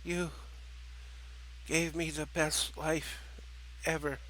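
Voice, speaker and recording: A man playing a dying female officer, speaking in a faint, winded, halting whisper. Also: high voice, level tone, vocal fry, bright, forceful tone, voice pushed up, heavily acted, poor audio. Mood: fading.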